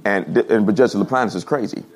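A man preaching a humorous storytelling sermon to his congregation, animated and laughing at his own stories. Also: lowish voice, fairly quick, husky. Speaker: pastor. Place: church service before a congregation.

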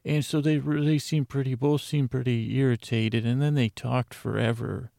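Gravelly, flat-voiced man narrating. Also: mid-range voice, normal speed, dry recording, clean studio sound. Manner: rambling, self-interrupting, chatty asides. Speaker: fictional narrator. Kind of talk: improvised comedic audio-drama narration.

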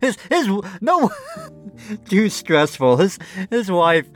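Rich: A sarcastic male host reads posts aloud and mocks them, laughing and tripping over his own restarts. His voice sits a little high for a man and jumps around a lot in pitch. Faint music plays behind him. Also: sing-song, takes it slowly. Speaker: commentary host. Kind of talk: comedic commentary reading online posts.

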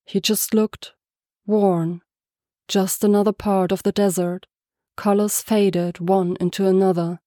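A woman reading a story aloud as narrator, soft-spoken and even. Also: medium pitch, slow, no room sound, clean studio sound. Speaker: podfic reader. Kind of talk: scripted narration.

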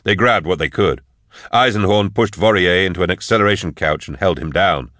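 A man reads an audiobook in a steady, measured way, and his voice sits very low. The recording is close and dry, with no room sound at all. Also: no echo. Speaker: audiobook narrator. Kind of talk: scripted narration.

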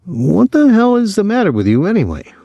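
A man voicing an excitable teenage boy who fires off incredulous, agitated questions. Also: on the high side, normal speed, creaky, no echo, lo-fi sound, voice pushed up, exaggerated voice.

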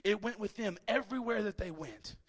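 A man preaching a sermon as pastor, animated, swinging from loud shouts to quiet, casual asides. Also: high-pitched, brisk. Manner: casual, chatty asides with laughter.

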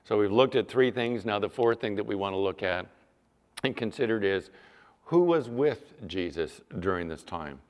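A male pastor preaching a sermon, animated, sometimes mimicking whiny apologies in a raised voice. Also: lowish voice, moderate pace. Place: church sanctuary. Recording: long church reverb.

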